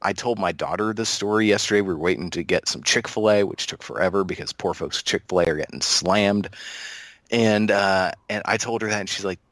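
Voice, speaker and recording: A man's voice: sits low, fairly quick, fairly bright tone, no echo, studio quality. A man guesting on a podcast, chatting casually and laughing as he tells stories. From Oklahoma, US. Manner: laughs while telling stories, drawling.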